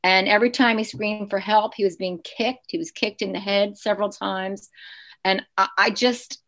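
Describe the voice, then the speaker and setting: A woman's voice: medium pitch, fairly even intonation, normal speed, a bit bright. A woman in her fifties, a podcast guest, telling a painful personal story in an earnest, emotional way with frequent restarts.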